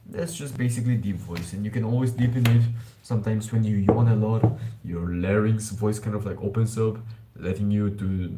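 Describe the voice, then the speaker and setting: Man with a low mellow voice, casually rambling. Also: moderate pace, rough recording. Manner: rambling, casual, calls listeners bro, swears freely. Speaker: self-improvement live streamer. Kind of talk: casual live-stream talk.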